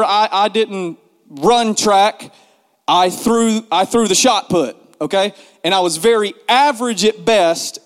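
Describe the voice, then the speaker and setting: A man spins a comic tale in a high voice, animated and self-mocking, leaning on repeated words for punch. His voice rings out with a long reverb, as if in a large hall. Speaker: storyteller. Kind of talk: casual comic storytelling.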